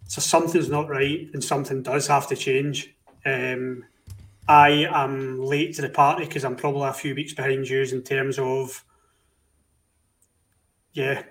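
Male co-host, firm and flat-toned in casual chat. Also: medium pitch. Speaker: podcast co-host.

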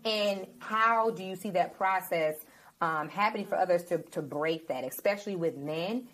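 A woman with a slightly low voice hosts a Christian talk conversation. She tells stories expressively and acts out the dialogue. Her delivery is animated and personal. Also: normal speed, slight background noise. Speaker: host.

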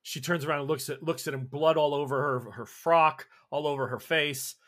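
Game master guy, slightly high voice, narrating a horror tabletop game and restarting a lot. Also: fairly even intonation, a little fast, a bit bright. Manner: descriptive, with restarts.

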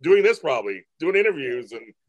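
A guest artist in his fifties speaks candidly in a casual interview, blunt and profane, imitating his family in raised voices. His fairly high voice swings widely in pitch and moves fairly quickly, though the recording is muffled.

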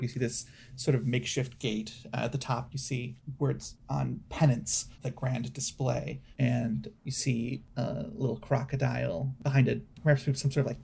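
A man narrating as game master, describing scenes in a relaxed, rambling way with many fillers. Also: medium pitch, vocal fry, slight background noise.

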